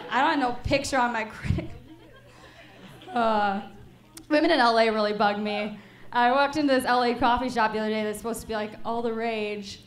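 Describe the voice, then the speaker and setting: A woman from Chicago performing a stand-up comedy set in a comedy club, teasing the audience. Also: on the high side. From Chicago, USA. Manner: crowd work, teasing the audience. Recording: roomy club recording.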